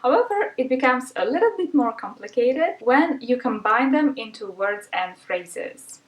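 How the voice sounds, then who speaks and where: Female language teacher, patient and clear, slightly high voice, roomy echo. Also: expressive, measured pace, far from the mic. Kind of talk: explanatory lesson narration.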